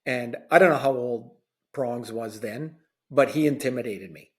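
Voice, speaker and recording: A man's voice: mid-range voice, normal speed. A man co-hosting a podcast, telling stories in a conversational, slightly sardonic way and repeating phrases for effect. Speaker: podcast co-host, former player. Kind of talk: casual storytelling.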